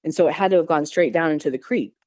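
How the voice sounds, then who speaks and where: A woman's voice: low voice, quick pace, a little mellow, no echo. A woman from Missouri, a podcast guest, telling her encounter in a casual, rambling way with many fillers and restarts. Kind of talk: casual storytelling.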